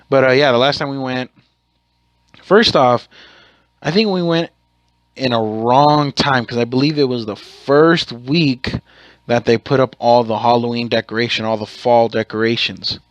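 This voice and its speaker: A man's voice: medium pitch, measured pace, no echo, highs cut off. A man hosting his own podcast, telling a rambling, profane story in a casual way and correcting himself as he goes. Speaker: podcast host.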